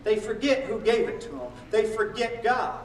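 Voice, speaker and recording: High-voiced preaching man in echoey church. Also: moderate pace, distant mic, slight background noise. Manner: animated preaching, acting out prayers and boasts in quoted voices. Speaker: pastor. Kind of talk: sermon.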